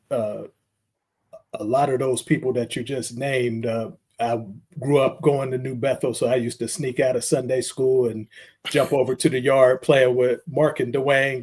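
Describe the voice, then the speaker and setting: Easygoing male podcast host. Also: medium pitch. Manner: easygoing storyteller, steady with light fillers. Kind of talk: casual interview talk.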